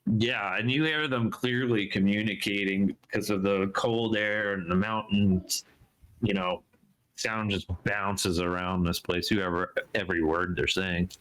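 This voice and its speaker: Slow, low-voiced man running the game. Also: steady tone, fairly bright tone, clear, resonant tone, low-quality recording. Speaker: game master. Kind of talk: narrating a tabletop game.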